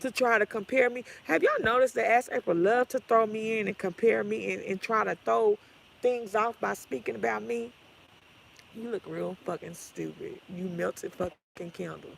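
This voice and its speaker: Woman vlogger with a heavily gravelly voice delivering a profane, sassy livestream rant. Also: fairly high pitch, slight background noise, low-quality recording. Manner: blunt, sassy, trash-talking. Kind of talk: profane ranting livestream talk.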